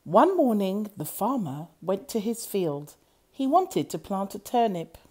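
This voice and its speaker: A woman reading a children's story aloud in an animated storytelling voice. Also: medium pitch, slightly rough. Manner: slow, lively, animated reading.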